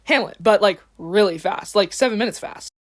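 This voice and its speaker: A teenage girl giving a quick, slangy, casual retelling of a play for a school assignment, slipping briefly into the characters' voices. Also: mid-range voice. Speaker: student.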